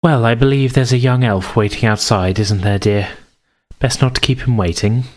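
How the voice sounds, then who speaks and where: A man voicing a calm, kindly blind older woman who tells fortunes, speaking gently. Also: medium pitch, normal speed, roomy sound, pitched above the performer's own voice, lightly acted. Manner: gentle, soothing, calls listener dear. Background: background music.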